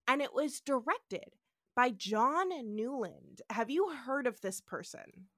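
A woman co-hosting a casual podcast, animated and laughing as she tells trivia. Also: sits high, slow pace, dry recording, studio quality. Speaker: podcast co-host.

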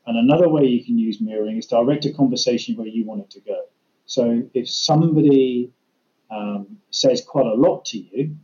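A man explains conversation techniques as a trainer, walking through practical examples in a relaxed, mellow voice. The recording sounds a little dull and lo-fi. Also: medium pitch. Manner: practical, illustrates with acted-out examples. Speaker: communication trainer.

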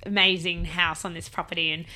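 Bright-voiced woman telling a story. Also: lowish voice, fairly quick. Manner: animated storyteller, heavy use of "like", laughs often. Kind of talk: casual storytelling chat.

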